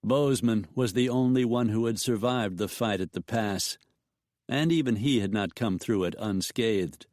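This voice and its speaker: A man narrating a western audiobook in an even storytelling voice, with mild voicing of the characters. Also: fairly low pitch, normal speed, dry recording, studio quality.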